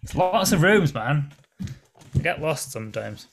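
A man trading crude jokes on a podcast, with a fairly high voice that swings up and down a lot and laughter breaking in often. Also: big pitch swings, a little slow. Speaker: podcast co-host. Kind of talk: casual chat.

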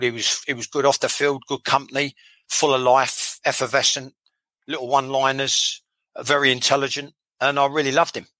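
A man's voice: medium pitch, bright, forceful tone, dry recording, poor audio. A man, a former footballer telling blunt, sweary stories in a casual interview, often repeating himself.

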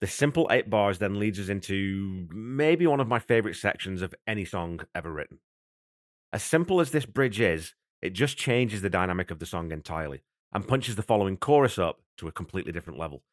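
Low-voiced man hosting a music podcast. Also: expressive, brisk, dry recording, studio quality. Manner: thoughtful, conversational, enthusiastic about music. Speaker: podcast host. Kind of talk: podcast song breakdown.

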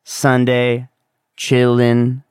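A man's voice: medium pitch, monotone, extremely slow, a little mellow, clear, resonant tone, dry recording, clean studio sound. A young man hosting a solo podcast, talking candidly and rambling, with casual swearing. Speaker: podcast host.

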